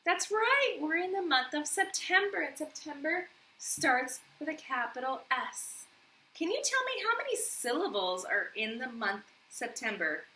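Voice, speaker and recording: A woman's voice: sits high, sing-song, unhurried, sharp tone, far from the mic, a little hiss or hum. A woman teacher leading a morning meeting lesson for young children, patient, asking questions and giving praise. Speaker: elementary school teacher. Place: classroom. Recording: roomy echo.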